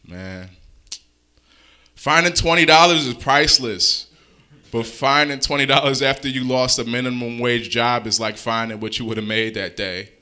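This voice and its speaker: A man's voice: medium pitch, normal speed, sharp tone, clean tone. A young adult man performing a stand-up comedy routine in a laid-back, self-deprecating, conversational way on a comedy club stage, speaking into a handheld mic.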